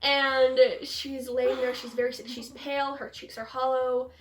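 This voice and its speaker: A woman's voice: high-pitched, level tone, unhurried, reverberant, a little hiss or hum. A young woman hosting a casual film discussion, gushing enthusiastically and acting out quotes. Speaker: film review host.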